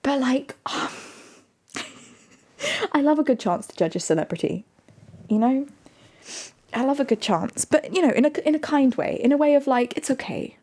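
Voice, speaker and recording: A woman's voice: sits high, lively intonation, normal speed, pauses often, a little mellow. A young woman streaming live, chatting casually with viewers in a giggly, rambling, self-mocking way. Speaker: livestreamer.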